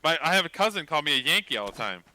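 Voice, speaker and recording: A man's voice: on the high side, big pitch swings, racing, pushed and bright. A man from the northern United States with a mild Michigan and Southern accent, chatting casually in an easygoing, rambling way. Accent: mild Michigan and Southern American. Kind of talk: casual chat.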